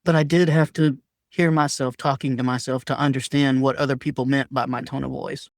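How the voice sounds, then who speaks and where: A man's voice: medium pitch, little pitch movement, brisk, gravelly, no echo, clean studio sound. A man talking candidly as a podcast guest, earnest and emphatic, sometimes acting out his own past words in a raised voice. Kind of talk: candid conversational sharing.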